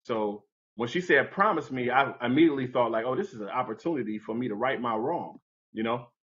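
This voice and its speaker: A man's voice: expressive, a little fast, fairly bright tone, dull audio. A man telling a story from his youth as a guest in a conversation, acting out what people said with big jumps in his voice. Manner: acts out quoted voices with big pitch jumps. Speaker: podcast guest. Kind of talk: animated storytelling.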